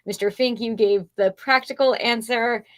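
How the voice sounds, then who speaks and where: A woman serving as a judge on a live show, explaining her vote warmly and decisively. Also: a little high, steady tone, moderate pace. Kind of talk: casual remarks on a live show.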